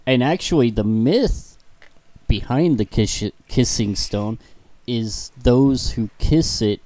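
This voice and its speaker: A man co-hosting a podcast in casual chat, unhurried and deadpan, swearing casually. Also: mid-range voice, dry recording. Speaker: podcast co-host.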